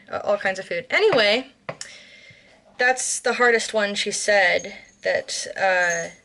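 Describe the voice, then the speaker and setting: An American woman talks her way through a home cooking vlog in a loose, rambling way. She fills gaps with ums, restarts her sentences and corrects herself as she goes. Her voice sits at an ordinary middle pitch for a woman. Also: bright, forceful tone. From United States. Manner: rambling, chatty, with frequent ums and self-corrections. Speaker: vlogger. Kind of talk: casual cooking vlog chat.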